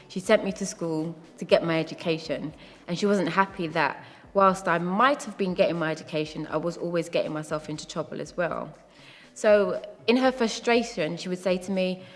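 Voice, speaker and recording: A woman, a singer-songwriter and host, telling a personal story in a reflective way, laughing now and then. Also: lowish voice. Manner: reflective, laughs often, quotes people in put-on voices. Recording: long reverb with faint music behind. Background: faint background music.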